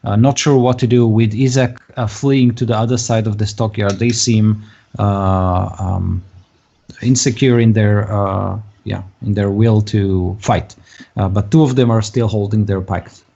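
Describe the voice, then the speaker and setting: Slow, gravelly, hesitant game master man. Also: lowish voice, fairly even intonation, warm tone. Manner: hesitant, lots of ums and uhs. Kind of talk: narrating a tabletop game. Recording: dull lo-fi recording.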